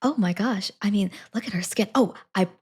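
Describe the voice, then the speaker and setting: A woman's voice: medium pitch, fairly quick, slightly rough. A woman voicing a brash, lovestruck female dragon-hunting knight, gushing in a half-whisper. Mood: swooning.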